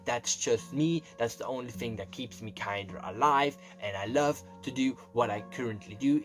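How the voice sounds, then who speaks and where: A young man telling a confessional story, rambling and emotional, close to tears and swearing often. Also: mid-range voice. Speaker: vlogger. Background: faint background music.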